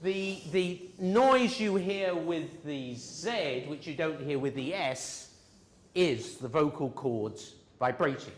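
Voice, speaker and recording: A man teaches a pronunciation class, patiently explaining sounds step by step and drilling his students. His slightly high voice is expressive and slow-paced, and the room is echoey.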